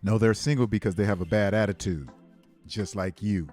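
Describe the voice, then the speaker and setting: A man's voice: on the low side, fairly even intonation, normal speed, over music. A man giving blunt, dismissive reaction commentary.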